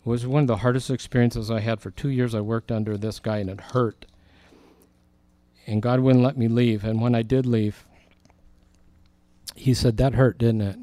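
A middle-aged male pastor delivers a sermon, telling a story with animated delivery and putting on voices for the people in it. His voice sits at an ordinary pitch for a man. The sound is close and dry, with no room echo. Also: moderate pace, pauses often.

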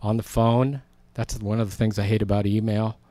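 A man's voice: on the low side, level tone, normal speed, warm tone, dry recording. A man preaching a sermon in a conversational, storytelling way, acting out quoted lines.

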